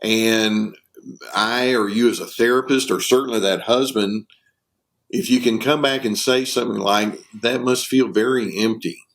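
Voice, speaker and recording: An older man, a psychologist guest on a podcast, explaining calmly and acting out sample lines of dialogue. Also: on the low side. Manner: measured, explains with acted-out example dialogue. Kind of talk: conversational podcast interview.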